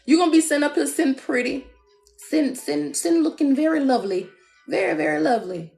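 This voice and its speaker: A woman giving a live-streamed love reading, blunt and animated, with playful asides. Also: sits high, fast talker, gravelly, soft background music. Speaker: tarot reader. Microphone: phone.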